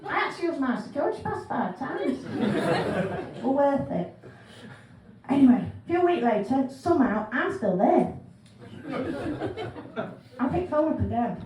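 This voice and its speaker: Lively Derbyshire woman doing stand-up. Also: high voice, a little slow, long pauses. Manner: chatty, animated, acts out phone calls. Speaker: stand-up comedian. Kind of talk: stand-up storytelling. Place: pub function room, live gig. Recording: echoey room, mic far off.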